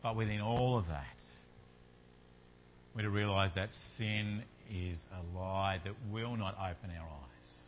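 A man's voice: low-pitched, fairly bright tone, a little hiss or hum. A man preaching a sermon in an earnest manner, building to fervent repetition.

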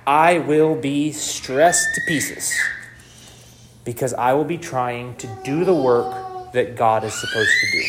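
A man preaching a sermon, swinging between loud, emphatic bursts and quiet, low lines, and acting out anxious voices in quotes. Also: wildly swooping pitch, slow, heavy background noise.

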